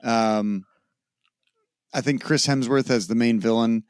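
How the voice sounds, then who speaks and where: A man's voice: mid-range voice, steady tone, slow pace, smooth, dry recording. A man with a mid-range voice co-hosts a tabletop gaming podcast. He rambles easily, restarts his sentences and throws in the odd swear word. The sound is dry and close. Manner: loose, rambling, swears casually. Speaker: podcast co-host. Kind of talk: casual chat.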